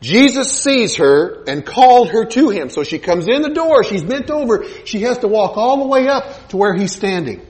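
A male preacher delivers a sermon in a high voice. His pitch swings widely as he tells a Bible story like a scene, voicing each character in turn. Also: normal speed, hardly any pauses. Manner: animated storytelling, acting out biblical scenes with quoted voices.

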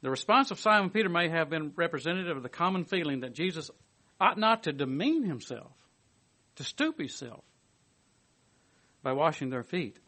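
Lively, fairly high-voiced male preacher. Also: moderate pace, pauses often. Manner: lively, swings from emphatic to hushed; reads commentary aloud with asides. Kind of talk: sermon.

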